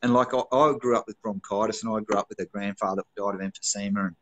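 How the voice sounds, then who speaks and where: An Australian man co-hosting a live online chat, telling a rambling, animated story and swearing freely. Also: lowish voice, quick pace, poor audio. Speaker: co-host of a live online show.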